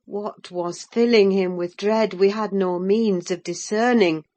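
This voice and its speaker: A woman narrating an audiobook in the first person, measured and unhurried. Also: medium pitch, steady tone, dark tone.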